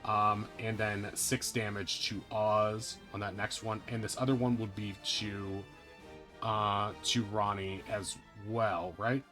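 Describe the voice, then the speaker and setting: A man running a tabletop game as game master, talking in a playful, chatty way with lots of casual fillers. His voice is lowish and very bright and forward, with light music under it. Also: little pitch movement, slow pace.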